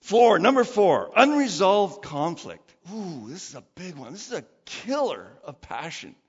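Animated male pastor preaching in a hall. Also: on the high side, measured pace, breathy edge. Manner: animated, conversational preaching with quoted asides. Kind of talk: sermon. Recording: dull sound with long hall reverb.

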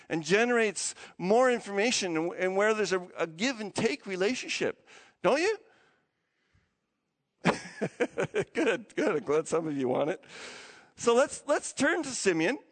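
A man's voice: high-pitched, long reverb tail. A man preaching a sermon as pastor, asking the congregation for responses. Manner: animated preaching with call-and-response.

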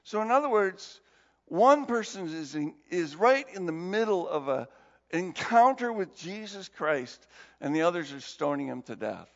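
A male pastor preaching a sermon, telling Bible stories in an animated, conversational way. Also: sits high, measured pace, creaky. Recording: dull recording in a long-reverb hall.

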